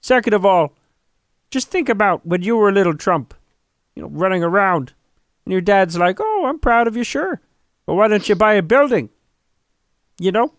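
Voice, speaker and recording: A man's voice: high voice, no echo, studio quality. A man voicing an intense, tearful male psychologist who lectures earnestly and swears mildly. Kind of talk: comedic impression.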